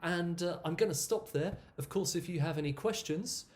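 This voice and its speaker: A man's voice: on the high side, moderate pace. A man, an English teacher casually explaining spoken usage and demonstrating word sounds. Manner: relaxed, repeats words to demonstrate pronunciation.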